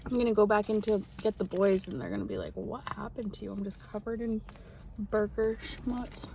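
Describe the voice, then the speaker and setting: A woman's voice: medium pitch, steady tone, normal speed, gravelly, a little mellow, a little hiss or hum. Chatty young woman eating on camera. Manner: chatty and rambling, talks while eating. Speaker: mukbang vlogger. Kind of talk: casual eating chat to camera.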